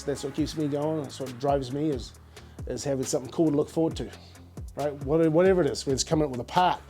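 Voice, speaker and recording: Middle-aged New Zealand man, animated slangy storyteller, slightly high voice. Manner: animated, slangy, repeats words. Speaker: guest, business founder. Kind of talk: casual interview storytelling.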